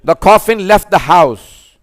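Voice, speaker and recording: A man's voice: high voice, expressive, slow pace, no echo. A man delivering a mourning sermon in a mosque, impassioned and rising to fervent crescendos, sometimes slipping into chanted lines. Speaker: preacher.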